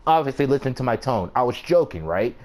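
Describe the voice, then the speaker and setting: A man's voice: mid-range voice, big pitch swings, fast. A man hosting a casual chat, who tells stories and laughs often. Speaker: host.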